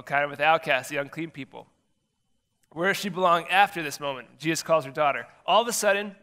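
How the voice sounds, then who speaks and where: Male youth pastor, 30s, a bit high and bright, casual animated storyteller. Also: smooth. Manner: chatty, animated storytelling with acted-out quotes. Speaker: middle school pastor.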